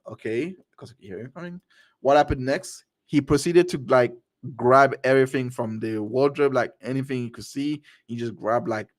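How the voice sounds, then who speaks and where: A man reading court transcripts aloud for his show, stumbling over lines and adding his own asides. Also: mid-range voice. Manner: reads all parts aloud, stumbling and restarting, with asides. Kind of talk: cold read of a transcript with commentary.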